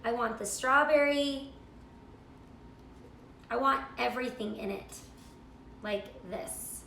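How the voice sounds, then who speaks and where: A middle-aged woman chats her way through a live cooking stream, gushing and answering viewer comments. Her voice sits high and bright, with a gravelly edge of fry. The sound is roomy and echoey. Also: takes it slowly, a little hiss or hum. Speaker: cooking show host.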